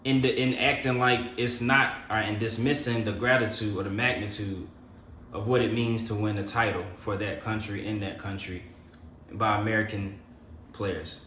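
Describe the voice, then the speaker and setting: A man's voice: lowish voice, steady tone, normal speed, fairly bright tone. A man co-hosting a podcast in casual chat, blunt and swearing, with laughing asides. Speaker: podcast co-host. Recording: roomy echo, faint noise.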